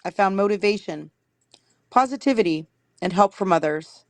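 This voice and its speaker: Female streamer, steady read-aloud of viewer messages, dry close sound, mid pitch. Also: moderate pace, dry recording. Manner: reads steadily, stops to correct herself. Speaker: livestream host reading viewer stories. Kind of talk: reading messages aloud on a livestream.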